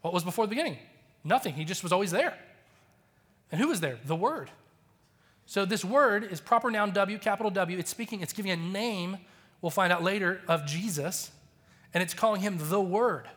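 A man's voice: sits high, animated, moderate pace, a bit bright. A man in his thirties, a pastor giving a conversational, storytelling sermon that acts out the quotes. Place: church auditorium.

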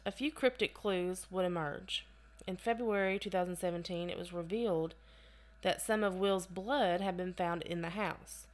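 A woman's voice: lowish voice, moderate pace. A woman co-hosting a casual podcast, reading case notes aloud and breaking off into chatty asides. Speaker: podcast co-host.

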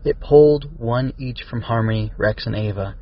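A man's voice: medium pitch, normal speed, a little hiss or hum. Man narrating a storybook, muffled. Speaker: author reading own stories. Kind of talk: storybook narration and writing log.

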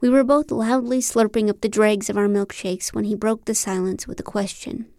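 Woman narrating an audiobook, deadpan. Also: medium pitch, moderate pace, no echo, clean studio sound. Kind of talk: scripted first-person narration.

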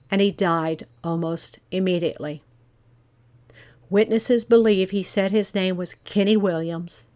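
A woman hosting a true-crime podcast, narrating a case in a measured, earnest way and posing many rhetorical questions. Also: fairly low pitch, darkish tone. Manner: volunteer investigator speaking earnestly.

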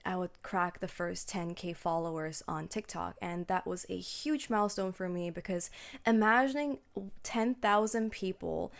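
Gravelly-voiced young woman podcasting. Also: fairly low pitch. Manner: chatty and reflective, with frequent "like" and restarts. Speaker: podcast host. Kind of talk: casual solo podcast monologue.

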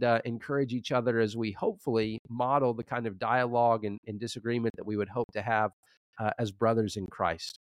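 A man co-hosting a scholarly debate show, presenting his position in a measured way with frequent restarts. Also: mid-range voice, no echo. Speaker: co-host, Old Testament scholar.

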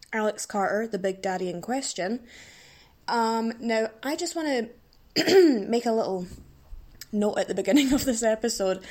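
A woman's voice: medium pitch, a little mellow. A woman hosting her own podcast in a casual, rambling way, giggling and making fun of herself while she is sick with a blocked nose. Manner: giddy, rambling, self-mocking, giggly. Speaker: podcast host. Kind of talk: casual solo podcast chat.

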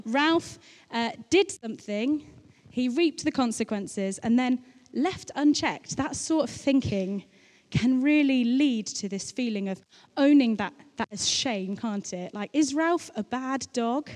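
A woman's voice: sits high, expressive, slow pace, a little mellow. Chatty woman preaching in an echoing hall. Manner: chatty, anecdotal, playful asides. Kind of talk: sermon. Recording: long reverb of a large hall.

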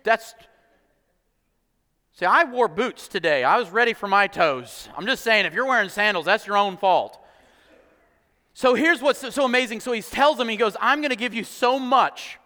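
A man's voice: sits high, animated, normal speed, long pauses, sharp tone. A man preaching a sermon, telling the story playfully with quoted voices and jokes. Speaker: pastor. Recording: long hall reverb.

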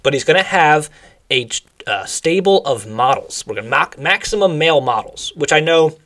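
A man's voice: on the high side, expressive, normal speed, a bit bright. A man co-hosting a podcast, chatting casually and enthusiastically with strong opinions. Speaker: podcast co-host. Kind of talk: casual wrestling chat.

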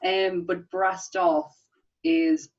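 A woman co-hosting a podcast in casual chat, animated, laughing often and restarting her sentences. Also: fairly low pitch, drawn-out words, vocal fry. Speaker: podcast co-host. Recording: distant, dull lo-fi sound.

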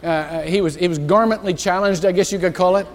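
A man's voice: sits high, fairly even intonation, quick pace, crowd noise, noisy background. A male pastor preaching a sermon in a church, rambling and interrupting himself with asides and chuckles. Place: church sanctuary. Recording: church hall reverb.

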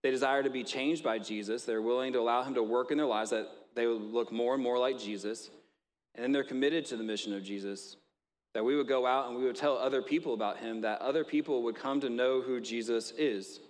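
A man's voice: medium pitch, fairly quick, big-room sound. A male pastor giving a sermon in a conversational way, mixing stories and light jokes.

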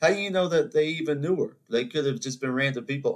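A man hosting a solo podcast, telling rambling anecdotes in an animated, conversational way. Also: medium pitch, fast talker, hardly any pauses. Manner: animated storytelling, rambling asides, mock voices. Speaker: podcast host. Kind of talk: solo ranting monologue.

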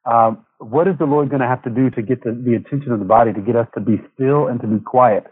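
A man speaks slowly and thoughtfully as a guest, pausing on fillers and restarting his thoughts. His voice comes through a tinny phone line. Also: medium pitch, slightly rough, no echo. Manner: reflective, halting with fillers. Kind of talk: casual faith conversation.

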